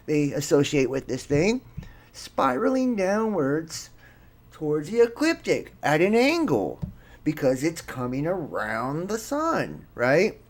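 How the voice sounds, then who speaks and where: Slow, emphatic man narrating doomsday theories. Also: a little high. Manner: dramatic, mocking, slow and emphatic. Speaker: commentator on viral sky videos. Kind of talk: conspiracy commentary over clips.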